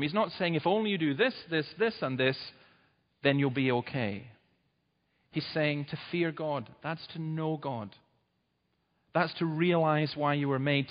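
A man preaching a sermon in an emphatic, urgent way, his voice rising sharply at points of stress. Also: on the high side. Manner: emphatic, urgent preaching with sudden loud rises. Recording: dull sound with long hall reverb.

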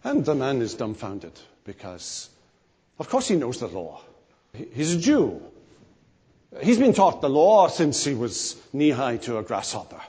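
A male preacher delivers his sermon with a lively, swooping voice and a husky edge. His emphasis climbs and falls. His words ring out with a long reverb, as in a large hall. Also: medium pitch, measured pace. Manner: animated, emphatic preaching with rising and falling emphasis.

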